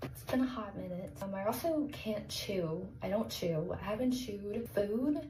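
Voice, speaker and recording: A woman's voice: mid-range voice, measured pace. A young woman talking anxiously in a confessional vlog, close to tears. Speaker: vlogger in a played clip. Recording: echoey room with background noise.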